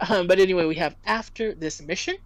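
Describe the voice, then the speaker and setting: A woman's voice: fairly low pitch, fast talker, dry recording, low-quality recording. A woman tutoring French in a casual lesson, patiently explaining and spelling out words.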